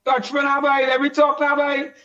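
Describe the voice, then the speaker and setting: A man's voice: very high-pitched, completely flat delivery, fairly quick, pushed and bright. A man calling into a radio show, bantering in a teasing, playful way. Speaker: radio caller. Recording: dull phone line.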